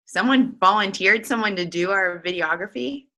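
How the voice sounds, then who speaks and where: A woman hosts an online team call in a casual, chatty way. Her voice is bright and forward, and she giggles now and then and leans on filler words. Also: medium pitch, moderate pace, poor audio. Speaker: team leader hosting a coaching call. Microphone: online group call.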